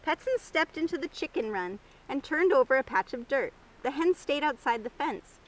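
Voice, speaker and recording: Youth librarian reading a picture book to kids, high-pitched, outdoors with faint noise. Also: female voice, normal speed, rough recording. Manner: expressive storytime reading. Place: outdoor garden.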